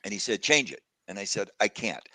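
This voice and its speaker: A man's voice: lowish voice, very animated, fairly quick, no echo. Reflective man telling a personal story. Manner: warm reflective storytelling, gets emotional. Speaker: guest speaker. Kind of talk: casual conversation on a video call.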